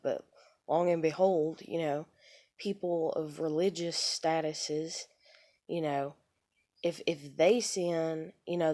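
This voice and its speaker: A young adult woman rambling bitterly about her life, halting often with "you know" fillers. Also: deep voice, mellow. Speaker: vlogger. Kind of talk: unscripted personal rambling.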